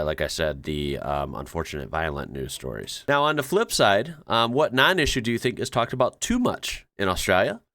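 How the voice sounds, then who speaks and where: Chatty low-voiced American man. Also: pushed and bright, no echo. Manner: chatty, rambling, self-correcting. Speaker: channel host. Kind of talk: casual reaction commentary.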